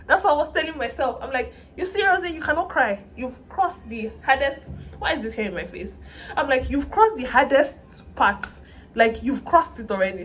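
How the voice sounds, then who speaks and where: A young woman, telling a story in a casual vlog in an animated, dramatic way and acting out the voices of the people she quotes. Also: medium pitch, a little hiss or hum.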